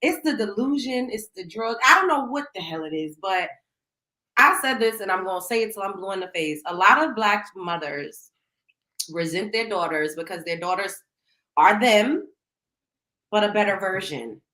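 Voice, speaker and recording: Woman host from Brooklyn, bright and outspoken, gossip talk in an echoey room. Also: mid-range voice, moderate pace. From Brooklyn, New York. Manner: animated, laughing, outspoken. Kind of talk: casual celebrity gossip chat.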